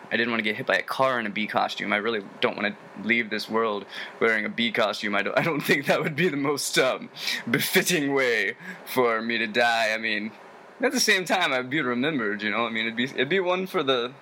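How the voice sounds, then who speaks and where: A young man from Tennessee with a General American accent, rambling casually and jokily as he introduces himself in a video. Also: slight background noise. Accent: General American, no Southern drawl. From Tennessee, USA. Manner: rambling, animated, jokey, with sudden high sung bits. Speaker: vlogger introducing himself to a forum.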